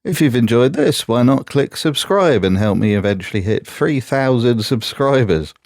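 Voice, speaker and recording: A man's voice: mid-range voice, lively intonation, moderate pace, vocal fry, a little mellow, no echo. A man from Britain reading a scripted voice-over commentary in a sardonic, mocking manner, recorded on a close mic. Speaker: YouTube commentator.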